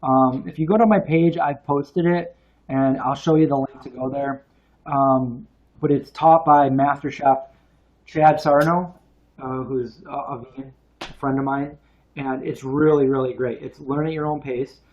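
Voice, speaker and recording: A man's voice: mid-range voice, steady tone, a little slow. A man co-hosting a casual livestream, telling rambling stories with restarts and asides. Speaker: co-host of vegan cooking livestream. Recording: dull lo-fi stream audio.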